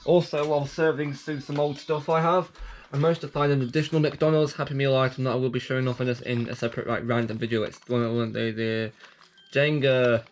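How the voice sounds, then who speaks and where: A man's voice: mid-range voice, steady tone, a little fast, slight background noise. A man hosting his own channel, rambling through updates and app reviews with frequent restarts, self-corrections and self-mocking asides. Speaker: channel host.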